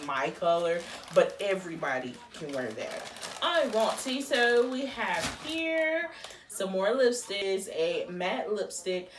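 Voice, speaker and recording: A woman's voice: lowish voice, distant mic. A woman, chatting casually through a beauty product unboxing, exclaiming as she reacts. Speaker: beauty vlogger. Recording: roomy echo, a bit off-mic, faint music.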